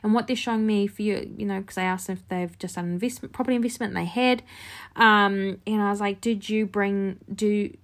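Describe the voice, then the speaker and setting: Woman, medium, casual storytelling, chatty, filler-heavy, lively quotes. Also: medium pitch, brisk. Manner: chatty, animated, many fillers and "like". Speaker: medium, podcast host.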